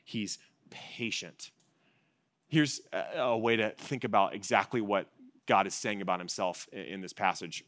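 A male pastor preaching a sermon at an evening church service, swinging between loud, emphatic repetition and soft, hushed passages. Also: on the low side, measured pace, no room sound.

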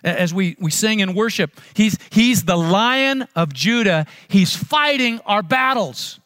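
Male pastor, high voice, dry close sound; chatty, storytelling sermon delivery. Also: expressive, measured pace, fairly bright tone, no room sound. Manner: conversational storytelling, repeats words.

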